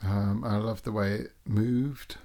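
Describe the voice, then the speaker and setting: Gravelly English man in casual chat. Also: fairly low pitch, steady tone, takes it slowly, dark tone. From England. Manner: blunt, dry, swears freely. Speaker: podcast guest.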